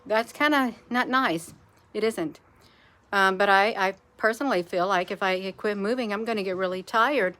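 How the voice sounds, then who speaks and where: Woman, casual live-stream host; rambling and chatty, bright tone. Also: mid-range voice, normal speed. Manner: rambling, chatty, addresses viewers as "you all".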